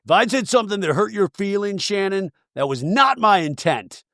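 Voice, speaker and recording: A man doing a high, shrill impression of an angry, foul-mouthed woman reality star who shouts in drawn-out words. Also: expressive, no echo, clean studio sound, exaggerated voice. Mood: furious.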